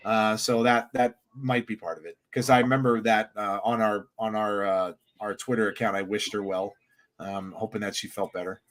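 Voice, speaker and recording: A man co-hosting a live wrestling watchalong, giving excitable reaction commentary with many restarts. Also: lowish voice, normal speed.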